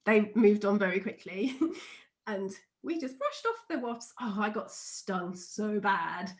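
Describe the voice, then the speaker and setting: A middle-aged woman, an NLP trainer, explaining a method and telling a personal story in a chatty, animated way, laughing often. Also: mid-range voice, slow pace. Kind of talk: teaching explanation with personal anecdote.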